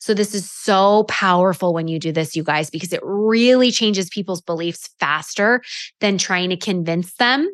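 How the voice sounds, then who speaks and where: A woman's voice: lowish voice, moderate pace. A woman giving casual sales coaching, talking in a chatty way with plenty of fillers and restarts, and acting out customer conversations. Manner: acts out customer dialogue in quotes.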